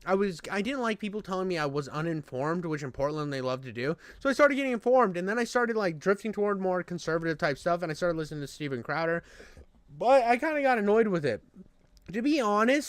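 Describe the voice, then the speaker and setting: Young man, high voice, casual commentary, profane, rambling, dry close mic. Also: fairly bright tone, clear, resonant tone, no echo. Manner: rambling, profane, full of restarts. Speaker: online commentator.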